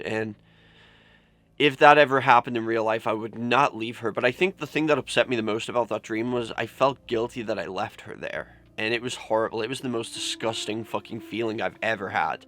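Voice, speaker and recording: A man's voice: medium pitch, a little fast, fairly bright tone, faint music behind. A young man vlogging, telling a personal story candidly and emotionally, swearing often and saying "like" a lot. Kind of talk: confessional vlog storytelling.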